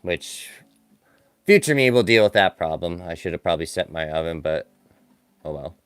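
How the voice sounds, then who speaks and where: A man's voice: deep voice, animated, moderate pace, smooth, dry recording, studio quality. A man streaming live as he sculpts clay for stop-motion, chatting casually and rambling, poking fun at himself as the work distracts him. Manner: rambling, self-deprecating, distracted by the work at hand. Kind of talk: casual live-stream chat while crafting.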